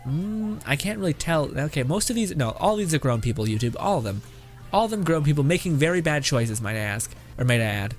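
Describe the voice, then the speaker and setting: A man's voice: a little high, expressive, brisk, faint music behind. A man hosting a casual reaction video who rambles, swears freely and keeps breaking into laughter.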